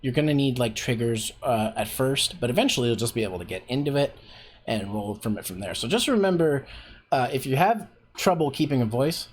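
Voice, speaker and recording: Man, mid-pitched voice, casual stream teacher, rambling, filler-heavy, faint background noise. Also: expressive, fairly quick. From Canada. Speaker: voice acting workshop host.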